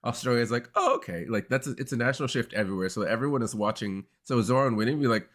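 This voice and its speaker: American male podcast co-host, rapid, animated storyteller, average pitch. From United States. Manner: animated storyteller, acts out other people's lines. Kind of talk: casual podcast chat.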